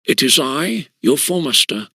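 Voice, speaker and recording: A synthetic man's voice reading the part of a stern older male schoolmaster with a deep, rumbling voice, slow and commanding. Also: big pitch swings, vocal fry, sharp tone, husky, dry recording, studio quality, full character voice.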